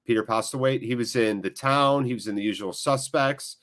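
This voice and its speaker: An American man hosting a live football watchalong. He jokes and chats with viewers between quick play-by-play. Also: mid-range voice. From United States. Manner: jokey, animated, quick play-by-play. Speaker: watchalong host.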